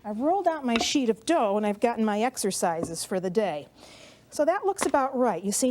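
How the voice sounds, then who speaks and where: A woman's voice: a little high, a little mellow. A middle-aged woman hosting a cooking show, explaining each step in a chatty, homey way, a bit out of breath as she rolls dough. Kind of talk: cooking demonstration.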